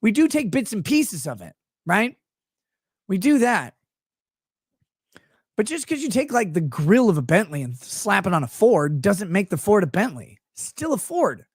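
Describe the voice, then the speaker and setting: Man, American, show host, ranting commentary, sarcastic, swearing, lively swooping pitch, dry close sound. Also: a little slow, long pauses, breathy edge, no room sound. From United States. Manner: profane, sarcastic, mocking asides.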